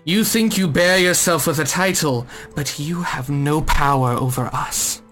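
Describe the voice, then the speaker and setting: A man's voice: on the high side, measured pace, a bit bright, voice pushed up. A stern elven zealot leader, solemn and archaic, commanding a crowd , as a game master puts him on. He speaks in a raised, lifted voice. There is faint music beneath. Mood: accusing.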